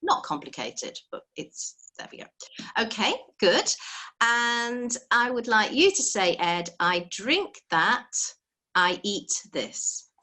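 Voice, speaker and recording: A woman's voice: fairly high pitch, sing-song, takes it slowly, sharp tone. A woman teaching a live online language lesson, explaining patiently step by step and encouraging her students over a video call.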